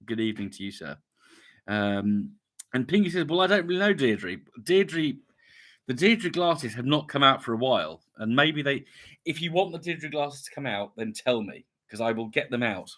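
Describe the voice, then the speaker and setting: A man's voice: medium pitch, lively intonation, normal speed, a bit bright. Chatty man reading comments. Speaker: YouTube channel host. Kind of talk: casual live stream chat.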